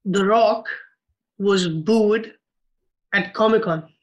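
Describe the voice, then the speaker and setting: A man's voice: high-pitched, slow pace, rough recording. A man co-hosting a film podcast, casual and heated, swearing and rambling with many restarts. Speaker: podcast co-host.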